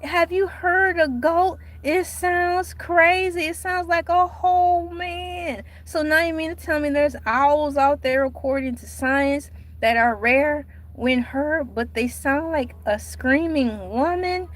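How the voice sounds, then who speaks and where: A woman chatting casually on her livestream, animated and dramatic, with sudden cries and mock outrage. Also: high voice, takes it slowly, hardly any pauses. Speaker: livestream host.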